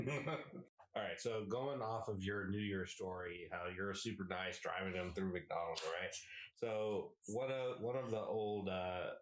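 A man's voice: low voice, measured pace, slight background noise. A young man co-hosting a podcast in a laid-back, casual chat, swearing now and then. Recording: roomy echo.

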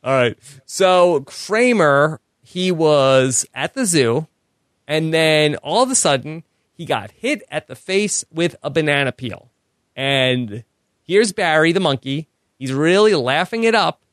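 Relaxed male podcast host. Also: on the high side, slow pace, no echo, studio quality. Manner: relaxed, laughs often. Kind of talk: casual chat, recapping episodes.

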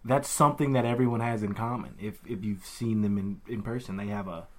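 Podcast guy telling stories, super animated, does everybody's lines, cusses a ton. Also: on the low side, fairly quick. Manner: animated storyteller, acts out others' lines, swears freely. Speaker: podcast co-host. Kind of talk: casual chat, storytelling.

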